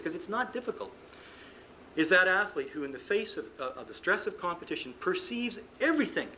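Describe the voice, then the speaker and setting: Man, lecture to coaches, casual and joking, acts out scenes, a bit high-pitched, faint tape noise. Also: bright, forceful tone, low-quality recording. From Canada. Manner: conversational, acts out coach and athlete dialogue, self-deprecating humor. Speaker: sports psychologist giving a coaches' seminar. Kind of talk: live seminar lecture. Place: conference room before an audience.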